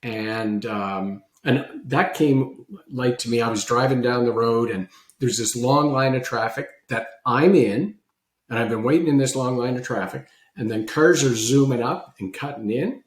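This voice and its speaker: A man, a guest on a podcast, telling a personal story about gratitude with animated, lively swings in his voice. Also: measured pace, echoey room. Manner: animated storyteller, voice leaping high when recalling his own past disbelief.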